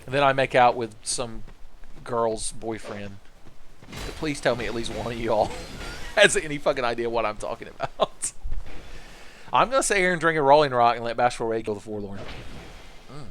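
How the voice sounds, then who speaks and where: A man's voice: medium pitch, brisk, fairly bright tone, a little hiss or hum. A young man streaming a game, giving rambling, profane, joking commentary into a desk mic. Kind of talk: casual gameplay commentary.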